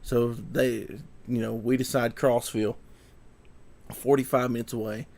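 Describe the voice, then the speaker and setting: A man's voice: mid-range voice, little pitch movement, unhurried, vocal fry, darkish tone. A young man telling a story to camera, rambling and repeating himself and sounding shaken. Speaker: vlogger.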